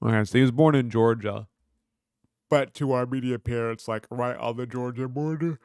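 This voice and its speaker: The young Kentucky streamer speaks at a moderate pace in a medium-pitched voice with a darkish, clear, resonant tone, cursing and joking loosely while reading chat out loud. It's clean studio sound, free of room sound.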